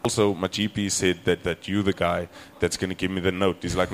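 A man's voice: deep voice, fairly even intonation, a little fast. A young man, a comedian, telling a story in casual podcast chat and acting out both sides of the dialogue, swearing freely. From South Africa.

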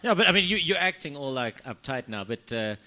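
A man's voice: mid-range voice, very animated, brisk, sharp tone, a little hiss or hum. A man hosting a casual podcast, teasing his guest and reading out questions. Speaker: podcast host.

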